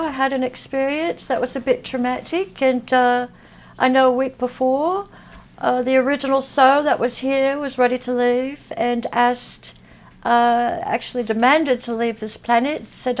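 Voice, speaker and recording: A woman from Texas, a guest in an interview, talking in a halting way with many fillers. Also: high voice, steady tone. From Texas, USA. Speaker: interview guest, spiritual healer. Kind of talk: casual interview talk. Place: at a convention.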